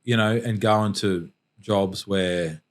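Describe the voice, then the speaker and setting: A middle-aged Australian man with a fairly low voice speaks as a podcast guest. He tells his story slowly and reflectively, pausing and restarting as he searches for words. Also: fairly even intonation. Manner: halting and reflective, frequent restarts. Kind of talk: emotional personal storytelling.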